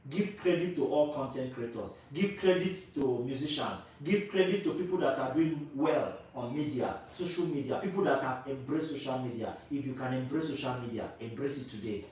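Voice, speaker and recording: A man's voice: mid-range voice, moderate pace, few pauses, a little mellow, a little hiss or hum. A Nigerian man vlogging his opinions to camera, emphatic and repetitive, firing rhetorical questions at his viewers. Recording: very echoey room, voice from a distance.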